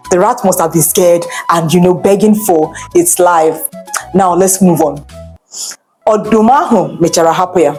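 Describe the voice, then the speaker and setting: A woman's voice: medium pitch, mellow. A woman teaching children, telling a bilingual story with chatty, encouraging asides.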